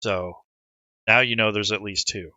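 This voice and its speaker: A man acting as game master in an online tabletop game, narrating scenes in a relaxed, rambling way and talking players through the rules. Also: fairly low pitch, unhurried, dry recording, muffled recording.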